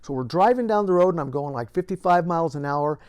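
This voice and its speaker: This is an older man with a somewhat high voice who recounts stories from his years as a police officer. He talks straight to the camera and lets the action swell as the tale unfolds. His delivery is easy and conversational. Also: fast talker, smooth. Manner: lively storytelling that builds to acted-out moments. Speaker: retired police officer and author. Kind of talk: telling a story to camera.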